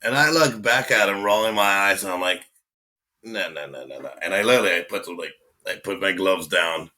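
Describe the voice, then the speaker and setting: A man, a guest telling stories casually, animated and swearing as he acts out what people said. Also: low voice, brisk. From Israel. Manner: animated, swearing, acting out quotes. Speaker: guest, tattoo artist. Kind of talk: casual storytelling.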